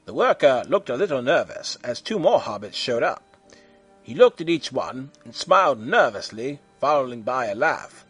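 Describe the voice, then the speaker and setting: A man reading a humorous story aloud in an animated way, slipping into silly character voices. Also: medium pitch, normal speed, husky, soft background music. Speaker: fan fiction reader.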